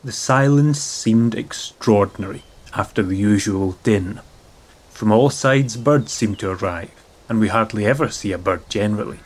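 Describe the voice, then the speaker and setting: A young First World War officer recalls a quiet day at the front, as read by a man. The voice sits low and the delivery is measured and reflective, a letter read aloud rather than spoken. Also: close to an everyday voice. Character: young British WWI officer writing a letter. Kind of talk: reading a wartime letter aloud.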